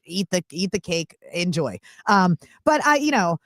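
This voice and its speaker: A woman with a Philadelphia accent hosts a casual sports radio show. Her pitch swings widely as she talks, and she laughs easily between quick asides. The sound is close and dry. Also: very animated, fairly bright tone, no echo.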